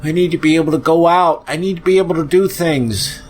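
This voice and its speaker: Man, podcast host, angry profane rant, sighing, depressed, higher voice, faint background hiss. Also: fairly quick. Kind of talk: ranting monologue.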